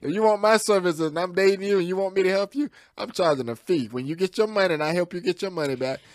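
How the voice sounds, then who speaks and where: A man's voice: high voice, fast, dry recording. A man co-hosting a casual talk podcast in a small studio, teasing and laughing often as he playfully provokes his co-host. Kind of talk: casual talk show banter.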